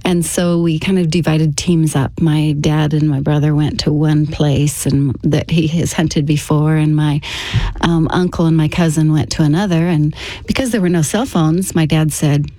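A woman being interviewed, telling a personal story in a halting way, with restarts and "kind of". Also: low-pitched, fairly even intonation, dark tone, dry recording, low-quality recording.

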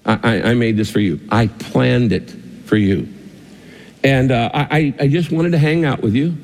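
A man voicing a loving king who speaks gently and haltingly, repeating his words, in a sermon with long hall reverb. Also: medium pitch, vocal fry, pitched below the performer's own voice. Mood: tender, loving.

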